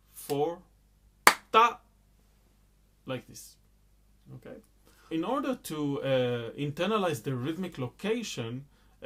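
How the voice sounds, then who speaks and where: A man's voice: on the high side, fairly bright tone. A man teaching a rhythm lesson, explaining patiently and chanting counts and rhythm syllables aloud. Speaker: music teacher.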